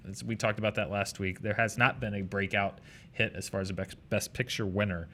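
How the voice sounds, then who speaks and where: A man hosting a casual box office chart rundown, chatty and quick with asides. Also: on the low side, steady tone, pushed and bright, a little hiss or hum. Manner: chatty, runs through figures with quick asides. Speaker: box office show host.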